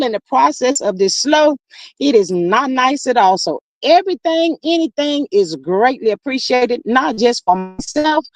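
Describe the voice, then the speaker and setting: Lady hosting a gossip livestream, kinda high voice, dry close sound, keeps saying y'all. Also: no echo, poor audio. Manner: chatty, addresses viewers as y'all. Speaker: host. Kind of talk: casual livestream gossip chat.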